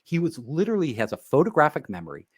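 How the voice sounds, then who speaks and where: A man's voice: on the high side, racing. A man, a guest on an interview show, telling a story in casual conversation and acting out the people in it. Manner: animated, acts out quoted dialogue.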